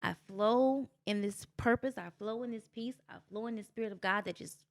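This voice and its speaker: Here a middle-aged woman who runs a business recounts personal stories on a podcast in an animated way, performing quotes and speaking with faith. She has a mid-range voice and keeps a moderate pace.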